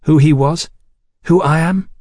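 A man's voice: on the high side, a little slow, warm tone, no echo, clean studio sound, pitched above the performer's own voice. A man doing a tart, wary young woman. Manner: tart, questioning. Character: sharp-tongued young woman singer, wary and proud.

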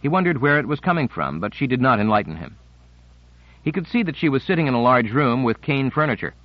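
A man narrates an audiobook in a measured, unhurried reading. The recording is dry and close, with a slightly muffled tone. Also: mid-range voice, very animated, no room sound.

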